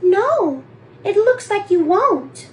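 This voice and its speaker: Woman doing a smug, squeaky young fiancée. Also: big pitch swings, takes it slowly, a little mellow, slight background noise, exaggerated voice, low-quality recording. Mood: smug apologetic. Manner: high, mock-apologetic and gloating. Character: young blonde woman, smug and already engaged. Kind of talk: comedic one-person movie reenactment.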